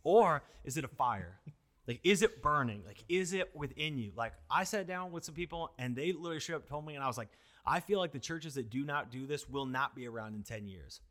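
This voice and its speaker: A pastor with a slightly high voice and a brisk pace chats casually about church outreach. An animated storyteller, he acts out quotes and leans heavily on fillers like "like" and "you know."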